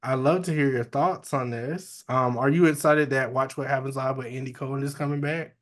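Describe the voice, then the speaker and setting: A man's voice: mid-range voice, steady tone, normal speed. Casual man co-hosting a gossip podcast. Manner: reads news items aloud, candid and profane. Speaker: podcast co-host.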